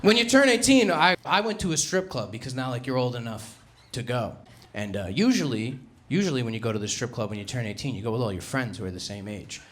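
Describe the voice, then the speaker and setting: A young man from New Jersey with a Jersey accent, doing a brash, self-mocking stand-up set and punching out loud acted-out quotes. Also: mid-range voice, expressive, fast, few pauses. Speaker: stand-up comedian. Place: comedy club stage. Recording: live room with audible crowd noise. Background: audience laughter.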